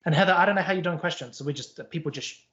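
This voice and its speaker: A man's voice: on the high side, rapid-fire, a bit bright. A man with a Canadian accent wrapping up a conference talk and taking questions over a video call, chatty and upbeat, often repeating words. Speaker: conference speaker. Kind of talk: casual presentation wrap-up and Q&A. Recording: dull lo-fi call audio.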